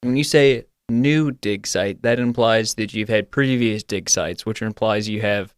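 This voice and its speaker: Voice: medium pitch, unhurried, clean tone, no room sound. A tabletop player with a mid-range voice asks wry, pointed questions. The recording is dry and close.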